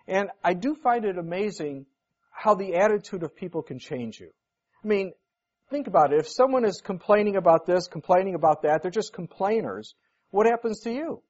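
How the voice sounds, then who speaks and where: A high-voiced pastor gives a relaxed, folksy sermon full of everyday stories, slipping into the voices of the people he quotes. The recording sounds dull and lo-fi.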